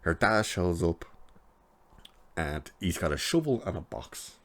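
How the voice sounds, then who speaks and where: A man's voice: low-pitched, sing-song, unhurried, a bit bright. A man giving a chatty, sarcastic recap of a TV episode, laughing at his own jokes. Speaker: TV episode reviewer.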